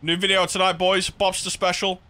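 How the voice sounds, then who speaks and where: A man streaming a driving game, chatting casually and breaking into excited outbursts. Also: high-pitched, brisk. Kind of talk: casual gaming chat.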